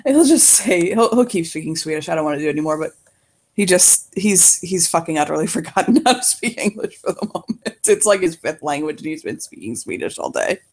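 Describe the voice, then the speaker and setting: A woman's voice: sits low, very animated, brisk, darkish tone. A woman narrating her characters in a casual role-play, swearing freely and laughing often.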